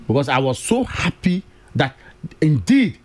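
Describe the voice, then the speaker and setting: Ghanaian male radio panelist, high lively voice, hammers his points home. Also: measured pace, slight background noise. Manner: emphatic, repeats key words, mixes English and Twi. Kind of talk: radio political discussion.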